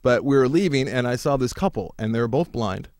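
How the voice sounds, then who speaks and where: A man's voice: mid-range voice, expressive, brisk, darkish tone, no echo, studio quality. A man co-hosting a casual comedy podcast, telling rambling, self-mocking stories. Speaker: podcast co-host.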